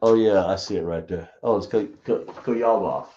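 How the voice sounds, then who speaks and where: A man teaching a class, slowly spelling out sounds and quizzing his students. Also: lowish voice, mellow. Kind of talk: classroom lesson. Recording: roomy, dull lo-fi sound.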